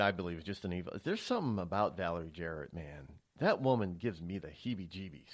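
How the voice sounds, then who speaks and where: A man hosting a political talk radio show, rambling and stammering through a monologue with many restarts. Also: on the low side.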